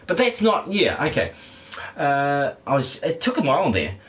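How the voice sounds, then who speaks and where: A man's voice: on the high side, huge pitch swings, normal speed, a bit bright. A man with a condescending-sounding tone, rambling casually and swearing while live-streaming a game and reading out chat. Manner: rambling, laid-back, swears freely, laughs often. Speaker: livestreaming gamer.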